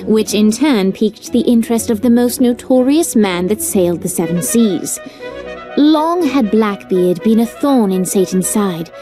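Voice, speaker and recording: A wry, measured storybook narrator, read by a woman for a video game cutscene. Her voice sits a little high, with music clearly playing behind her. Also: close to an everyday voice.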